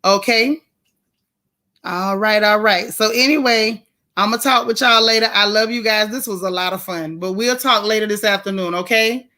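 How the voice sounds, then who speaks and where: Blunt, animated woman live-streaming. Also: medium pitch, moderate pace. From Florida. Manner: blunt, animated, laughs often, slangy. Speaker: livestream host. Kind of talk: casual livestream chat reading viewer comments.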